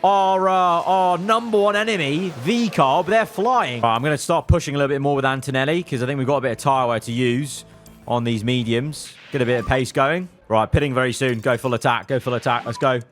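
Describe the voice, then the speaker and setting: A young man giving live commentary over his own racing management gameplay. He talks to his drivers as he plays, swinging from low muttering to loud outbursts. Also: a little fast, soft background music. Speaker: gaming video creator.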